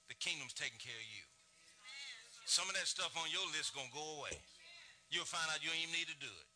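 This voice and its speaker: A man's voice: on the high side, expressive, quick pace. A middle-aged man preaching a sermon as pastor, folksy and rising and falling in his delivery.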